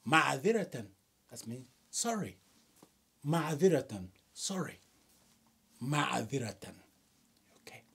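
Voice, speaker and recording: A husky, slightly breathy man teaching a vocabulary lesson. His pitch rises and falls in a lively way as he patiently repeats each phrase, with unhurried pauses in between. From Nigeria. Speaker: language teacher.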